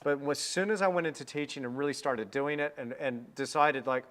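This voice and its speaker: A middle-aged man teaching painting on a livestream, talking in an energetic, rambling way with many restarts. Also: mid-range voice, fairly quick, few pauses. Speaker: art teacher hosting a livestream. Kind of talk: casual livestream chat while painting.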